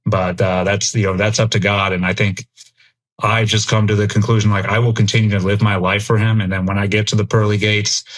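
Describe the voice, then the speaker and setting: Low-voiced earnest middle-aged man. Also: flat delivery, brisk. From United States. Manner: earnest, reflective, thinks aloud. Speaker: podcast guest, military veteran. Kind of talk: candid interview talk.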